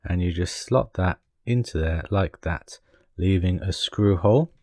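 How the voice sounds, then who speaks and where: A man's voice: sits low, unhurried, mellow, dry recording, clean studio sound. A man casually talking through a model kit build step by step, with chatty, apologetic asides as he works.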